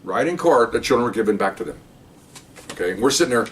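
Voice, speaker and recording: An older man, a retired police officer, telling a story in a rambling, casual way and often adding "okay?". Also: very fast. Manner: rambling, tags remarks with "okay?". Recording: distant mic, faint rumble.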